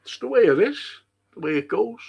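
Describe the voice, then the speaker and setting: A man's voice: high-pitched, sing-song, a little fast, gravelly, a little mellow, husky, lo-fi sound. A man hosting a rambling solo monologue, blunt, swearing and often restarting his sentences. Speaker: host.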